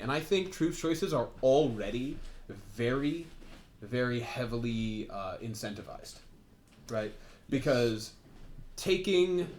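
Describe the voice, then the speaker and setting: A man chatting about tabletop gaming as a co-host, his talk loose and rambling, full of fillers, restarts and quick asides. He speaks at an ordinary middle pitch, and a faint noise hums under the recording. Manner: rambling, many fillers and asides, laughs often. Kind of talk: casual tabletop gaming chat.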